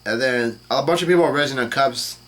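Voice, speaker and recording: Dude reading a comic chapter out loud for his channel, average pitch, keeps going um and restarting words. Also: a little fast. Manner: reads dialogue aloud flatly, with fillers and self-corrections. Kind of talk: casual live reading and commentary.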